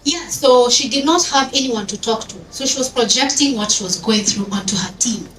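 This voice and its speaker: With a fairly high pitch and a fairly quick delivery, a woman panelist shares lively stories, moving between languages into Swahili while the audience responds. The event hall recording is distant, echoey, and noisy.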